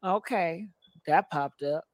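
A woman chatting casually to her viewers in a vlog, slow and friendly, calling them y'all. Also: on the low side, no room sound.

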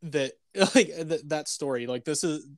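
A man in his thirties co-hosting a podcast, telling animated stories in casual chat, swearing often and laughing between lines. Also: on the high side, unhurried, crowd noise. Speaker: podcast co-host.

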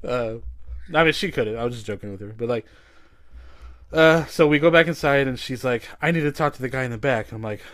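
A man's voice: mid-range voice, a little fast, a bit bright, no echo. Guy rambling thru a story on a podcast, lots of "like", dry sound. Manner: rambling, heavy on "like" and swearing. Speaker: podcast host. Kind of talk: casual storytelling chat.

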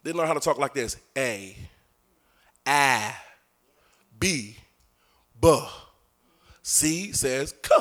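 A male preacher delivering a sermon in a sing-song cadence, swelling into shouts and addressing the congregation directly. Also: medium pitch, lively intonation, drawn-out words, pauses often.

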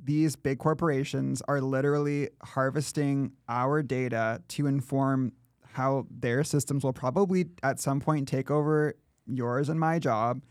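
A male podcast co-host from Canada, talking in a loose, rambling way full of fillers and quick laughs. His voice sits in an ordinary middle register. It is recorded close and dry, with no room sound. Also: mid-range voice, fairly even intonation, no room sound. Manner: rambling, laughs often, lots of "like". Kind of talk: casual chat.

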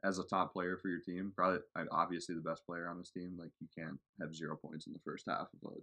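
A man hosts a sports podcast with his friends in easygoing chat. His voice sits very low. He rambles, restarts and fills pauses as he goes. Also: flat delivery, pushed and bright. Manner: laid-back, rambling, frequent fillers. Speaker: podcast host.

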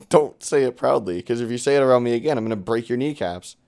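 A man's voice: medium pitch, lively intonation, fast, creaky, a little mellow. A man co-hosting a casual podcast with friends, blunt and teasing, laughing often. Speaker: podcast co-host. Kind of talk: casual joking chat among friends.

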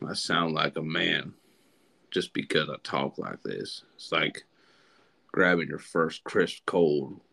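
A man putting on an exaggerated deep, manly podcast voice, slow and drawling. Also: fairly even intonation, creaky, sharp tone, husky, full character voice. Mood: mock macho.

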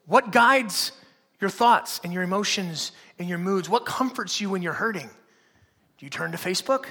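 Pastor, male, high bright voice, preaching in long reverberant hall, rhetorical questions rising to emphatic peaks. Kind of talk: sermon.

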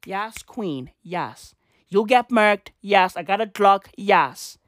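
A man's voice: high voice, expressive, slow pace, a bit bright, dry recording, clean studio sound, full character voice. A man putting on a campy, swaggering gangster who tacks a sing-song "yas" onto threats. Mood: mock-menacing.

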